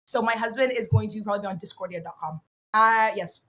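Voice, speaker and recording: A woman co-hosting a casual podcast, excitable and bubbly, jumping between thoughts. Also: mid-range voice, quick pace, slight background noise. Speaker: podcast co-host.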